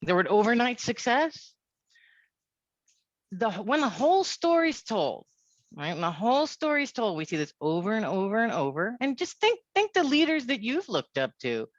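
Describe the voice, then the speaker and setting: A woman from India with an American accent leading an online leadership workshop, lively and checking in with a frequent "right?". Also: fairly high pitch, normal speed, no room sound, muffled recording. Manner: lively, keeps asking "right?".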